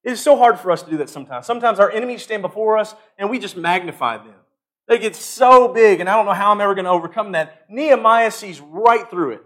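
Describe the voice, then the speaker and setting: A man preaching a sermon, earnest and emphatic, swinging from loud peaks to quiet stretches and often repeating and restarting his phrases. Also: high voice, brisk.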